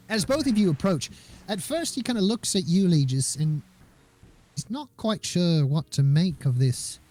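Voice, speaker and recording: A man's voice: sits high, lively intonation, measured pace, mellow. A man narrating as game master of a tabletop game, chatty and playful with many fillers.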